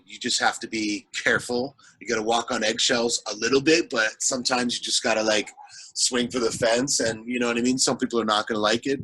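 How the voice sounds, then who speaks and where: A man's voice: medium pitch, bright, forceful tone, slightly rough, rough recording. A man, an actor and comedian, rambling animatedly in a casual interview chat and acting out the people he quotes.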